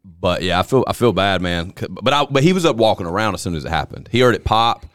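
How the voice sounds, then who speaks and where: A man's voice: low-pitched, very animated, fast, a bit bright, no echo, clean studio sound. A man hosting a casual podcast chat, laid-back and rambling, often repeating himself. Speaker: podcast host.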